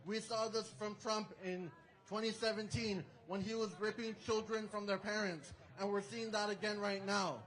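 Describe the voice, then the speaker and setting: A man speaking forcefully at an outdoor protest rally, leading chants and introducing the next speaker. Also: high voice, level tone, normal speed, rough recording. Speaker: rally emcee.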